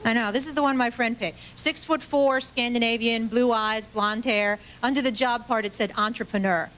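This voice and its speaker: A woman's voice: fairly high pitch, steady tone, moderate pace. A woman performing a stand-up comedy set on a club stage, with punchy, self-deprecating delivery and mock asides to the audience. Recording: live club recording with loud crowd and noise. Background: loud audience laughter and noise.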